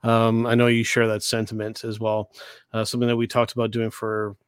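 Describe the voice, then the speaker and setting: A man co-hosting a wrestling podcast, speaking earnestly and haltingly with many restarts. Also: on the low side, completely flat delivery, clear, resonant tone, dry recording. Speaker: podcast co-host. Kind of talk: casual chat.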